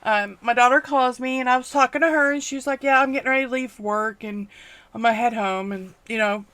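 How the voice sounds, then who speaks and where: A middle-aged woman, hosting a crafting vlog, talking tearfully with many pauses and fillers. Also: on the high side, fairly bright tone, no echo. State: near tears. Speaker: crafting channel host. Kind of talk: emotional personal vlog.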